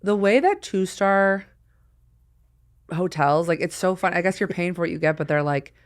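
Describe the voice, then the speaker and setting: A woman's voice: lowish voice, normal speed, no echo, studio quality. A woman hosting a podcast, rambling and joking in casual chat and putting on silly voices for the people in her stories. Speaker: podcast host.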